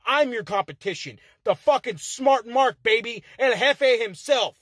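A man's voice: extremely high pitch, expressive, measured pace, fairly bright tone, dry recording, studio quality. A man cutting an aggressive, profane wrestling trash-talk promo from inside a car, sounding heated.

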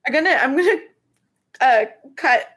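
A woman's voice: high-pitched, moderate pace. A woman playing a tabletop game, speaking casually and playfully, often slipping into her character's voice. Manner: lively, playful, jumps into character. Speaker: player. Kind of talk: casual tabletop role-play.

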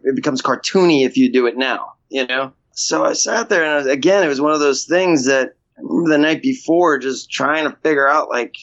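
Male actor guest, fairly high voice, casual rambling delivery, dull lo-fi recording. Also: a bit bright. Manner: rambling, restarts, frequent "you know". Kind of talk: casual interview talk. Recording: dull lo-fi sound.

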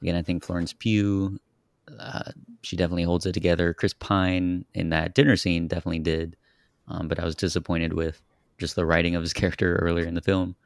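A man hosting a film podcast, giving a measured, methodical review in casual chat. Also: low voice, flat delivery, creaky, no room sound, studio quality. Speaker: podcast host.

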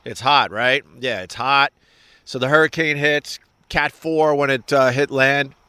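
A middle-aged man talking loosely on a livestream, his voice set at an ordinary pitch for a man. He rambles from one thought to the next, swears freely and pokes fun at himself. He breaks off now and then to greet viewers by name. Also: a little slow, bright, forceful tone, smooth, no echo. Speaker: livestream host reading viewer chat. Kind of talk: casual rambling livestream chat.

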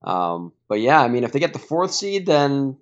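A man calling into a sports podcast as a guest, talking through his picks in a measured, hedging way. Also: mid-range voice, sing-song. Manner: measured, hedging, thinks out loud. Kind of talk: casual sports chat. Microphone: remote call. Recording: dull remote call line.

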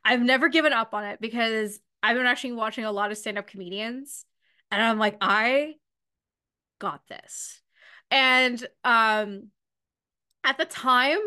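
A young Canadian woman hosting a casual podcast, telling a stand-up bit with lots of swearing and acted-out quotes of her mom. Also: a little high. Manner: swears freely, acts out her mom in animated bits. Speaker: podcast host.

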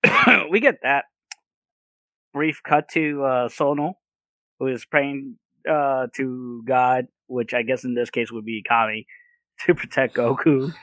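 An easygoing man co-hosts a casual podcast and recaps the story plainly. His voice is bright and forceful, and it is recorded close and dry with no room sound. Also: mid-range voice, slow pace, dry recording. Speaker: podcast co-host. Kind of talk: casual chat.

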